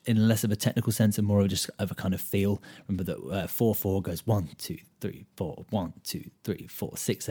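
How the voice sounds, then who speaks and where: Low, husky British man teaching casually. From United Kingdom. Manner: relaxed, thinks out loud with many ums and counts beats aloud. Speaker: podcast host and guitar teacher. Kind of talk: casual solo podcast lesson.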